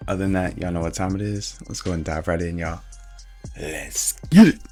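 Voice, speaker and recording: A man's voice: deep voice, steady tone, moderate pace, dark tone, soft background music. A man hosting a casual reaction video, joking along and chuckling to himself as he comments. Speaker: host.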